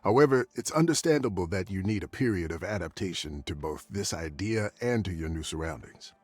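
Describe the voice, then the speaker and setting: A man voicing a therapist character in a video game, calm, measured and formal. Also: low-pitched, slightly rough, faint music behind. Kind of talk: scripted video game dialogue.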